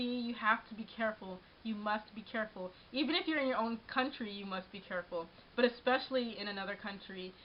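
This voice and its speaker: A young woman in her twenties telling a personal story in a casual vlog, rambling with many restarts, recorded on a camera mic at home. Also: a little high. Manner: rambling, frequent restarts and "like", shaken but laughing. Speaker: vlogger. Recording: dull lo-fi webcam audio.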